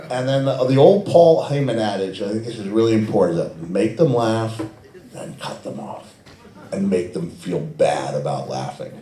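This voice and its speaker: Animated middle-aged man telling stories. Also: lowish voice. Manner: animated, laughs often, many restarts and fillers. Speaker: guest at a fan Q&A event. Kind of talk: anecdotal storytelling. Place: event hall with audience. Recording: echoey event hall.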